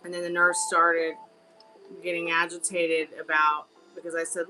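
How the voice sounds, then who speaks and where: Chatty woman with a low, bright voice. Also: little pitch movement, normal speed, faint music behind, poor audio. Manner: chatty, rambling, with filler words. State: on a crutch. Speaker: live tarot reader and stream host. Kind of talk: casual livestream storytelling.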